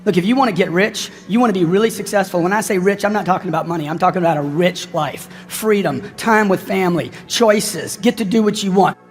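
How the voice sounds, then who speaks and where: A man's voice: high-pitched, brisk, few pauses, soft background music. A man giving a punchy motivational speech, firing rhetorical questions at his audience. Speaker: motivational speaker.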